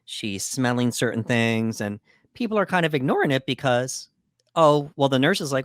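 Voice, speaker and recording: A man co-hosting a podcast, recapping a movie plot in an unhurried way with frequent "uh" and "um". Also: mid-range voice, lively intonation, no room sound, studio quality. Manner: measured recapping with fillers like uh and um. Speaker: podcast co-host.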